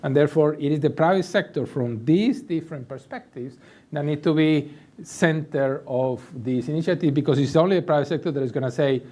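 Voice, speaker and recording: Man, panelist, fairly high voice, mellow, emphatic, structured. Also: a little fast. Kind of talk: panel discussion.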